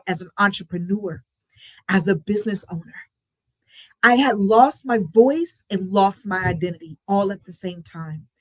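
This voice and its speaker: A woman's voice: mid-range voice, no echo. A woman giving a motivational talk, telling a personal story with emotion and expression. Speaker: motivational speaker.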